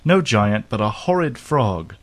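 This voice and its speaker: A man's voice: lowish voice, very animated, measured pace. A man voicing a spoiled, fretful young princess in a storybook reading.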